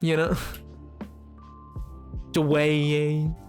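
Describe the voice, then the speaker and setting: A young man with a slightly high voice hosts a relaxed game stream, rambling and joking with chat. He brags playfully, laughs often and stumbles over restarts, with a little music faintly behind him. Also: drawn-out words. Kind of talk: casual chat while playing a game.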